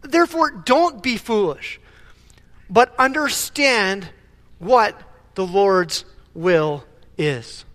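Preaching from the pulpit, this man speaks in a high voice at a very slow pace, the sound filling a big room. He is animated yet often stumbles, repeating words while he builds his argument.

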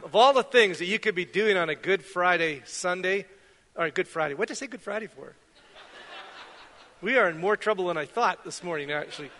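A man's voice: high-pitched, pushed and bright. A middle-aged man from Canada preaching a sermon as pastor, conversational and self-deprecating, weaving in anecdotes. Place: church sanctuary. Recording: long reverb of a church hall.

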